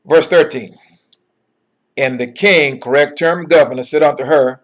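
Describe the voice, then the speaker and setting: In a fairly high voice, a Bible teacher reads verses aloud at a measured pace, pausing often and explaining them with emphatic commentary. He repeats phrases and says "okay" and "all right" a lot.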